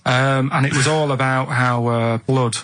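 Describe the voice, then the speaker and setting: A man with a Mancunian accent telling a rambling story in a plain, deadpan way, speaking on a radio show in a studio. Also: medium pitch, unhurried. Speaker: radio regular. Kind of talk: casual storytelling chat.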